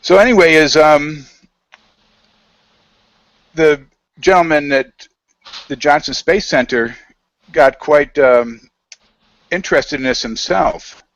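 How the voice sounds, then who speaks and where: A man's voice: a little high, takes it slowly, long pauses, no echo, low-quality recording. A middle-aged man as an interview guest, telling a long anecdote over a video call in a casual, rambling way, with many fillers and quoted dialogue.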